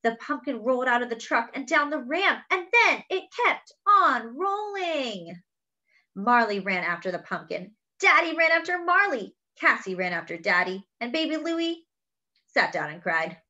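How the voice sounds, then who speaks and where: Woman, children's read-aloud, expressive, lively, bright, dull lo-fi sound. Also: fairly high pitch, normal speed. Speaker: children's story reader.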